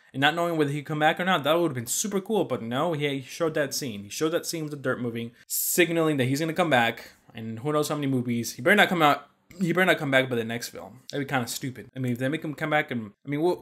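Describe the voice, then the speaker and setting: A young man delivers a casual movie rant in a somewhat high voice. He sounds exasperated and blunt, and he swears freely as he complains. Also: fairly bright tone. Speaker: movie reviewer.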